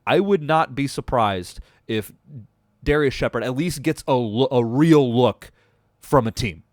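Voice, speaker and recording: A man hosting a casual sports reaction show, rambling and swearing with lots of fillers and restarts, dropping into mumbled asides and then breaking into excited outbursts. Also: medium pitch, measured pace, no echo, studio quality. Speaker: podcast host.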